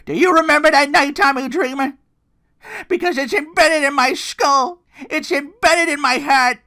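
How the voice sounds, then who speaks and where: A man voicing a grizzled wrestler who delivers a theatrical promo that swings between shouts and hushed lines. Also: extremely high pitch, normal speed, voice pushed up, full character voice. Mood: brooding. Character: grizzled male wrestler cutting a dramatic promo.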